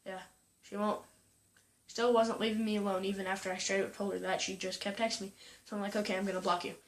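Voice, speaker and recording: A young woman vlogging casually, retelling a story with lots of "like" and quoting people in a higher voice. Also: flat delivery, quick pace. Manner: chatty, full of "like" and "I'm like", quoting others in a higher voice.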